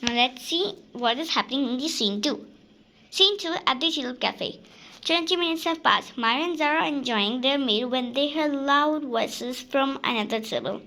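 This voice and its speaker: A woman reading a short play aloud and explaining stage directions, slowly and with fillers. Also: high-pitched, lively intonation, pushed and bright. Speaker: teacher reading a dialogue.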